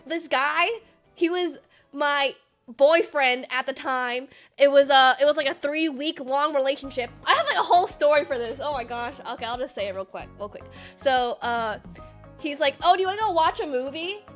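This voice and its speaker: Young woman streamer in her twenties, high and bubbly, rapid casual chatter with faint music underneath. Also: fairly bright tone. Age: 20s. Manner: bubbly and chatty, lots of "like" and quick asides. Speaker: streamer answering viewer questions. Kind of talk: casual Q&A vlog.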